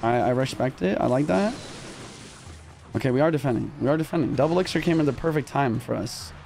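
A young man commentating his own live gameplay in casual slang, excitable and quick to yelp when rattled. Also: medium pitch, vocal fry, a little hiss or hum. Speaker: gaming streamer. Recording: music underneath.

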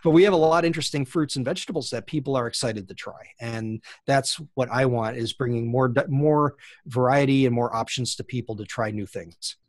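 A man's voice: mid-range voice, fairly quick, dry recording. A middle-aged man, a plant scientist, giving thoughtful interview answers with frequent fillers and restarts.

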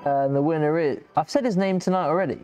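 A man's voice: on the high side, quick pace, a little mellow. A man with an English accent co-hosting a live prize draw, joking, laughing often and swearing casually. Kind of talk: casual banter. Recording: faint background music.

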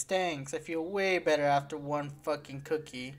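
A woman's voice: sits low, moderate pace, hardly any pauses. A woman hosting a let's play, commenting on her game in a profane, exasperated and sarcastic way. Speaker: gaming video host. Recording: faint game music behind.

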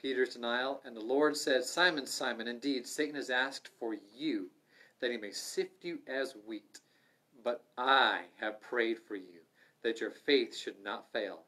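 A middle-aged man leading a livestreamed Bible study, earnest and conversational, swinging from loud urging to soft asides. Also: mid-range voice, a little slow. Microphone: livestream microphone.

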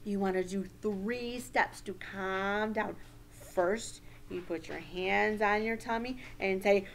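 A woman teaching a social-emotional lesson to young children in a slow, sing-song, exaggerated teacher voice. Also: mid-range voice.

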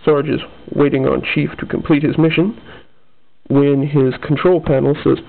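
Man reading his own comic, casual, rambling asides, fairly high, tinny phone-like sound. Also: flat delivery, moderate pace, creaky. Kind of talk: casual comic read-aloud.

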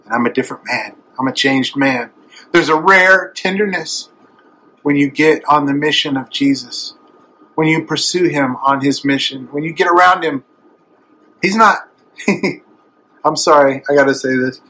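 Middle-aged evangelist, husky bright voice, tender and emotional preaching. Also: male voice, mid-range voice, fairly even intonation, moderate pace, poor audio. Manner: emotional, tender, swelling to emphatic. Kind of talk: sermon.

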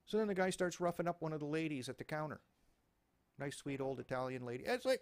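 Brief: male host, sarcastic profane ranter, gravelly edge, swooping delivery. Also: fairly high pitch, fast talker. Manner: animated, sarcastic, profane ranting. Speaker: talk show host. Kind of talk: ranting commentary.

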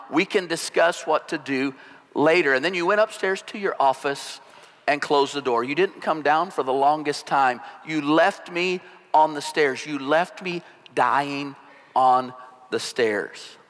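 A man voicing a wife in marriage counseling who speaks in a detached, slow voice, recorded in a reverberant hall. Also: fairly high pitch, fairly bright tone. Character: wounded wife in counseling, detached then cheery.

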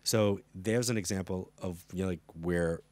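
A middle-aged man, a psychic medium guest, telling anecdotes in an animated way and acting out the dialogue, in a studio interview before a live audience. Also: low voice, normal speed, dry recording. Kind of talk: storytelling interview chat.

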